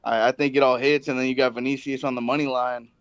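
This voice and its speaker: A man calling in to a show, talking through his picks in a relaxed, rambling way. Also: mid-range voice, fast talker, over a noisy crowd. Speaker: caller. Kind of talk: casual chat.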